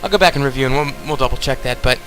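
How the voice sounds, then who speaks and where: Bright-voiced chatty male gamer. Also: mid-range voice, racing, faint music behind, poor audio. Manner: chatty, rambling, talks straight to viewers. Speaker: let's play host. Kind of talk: casual game commentary.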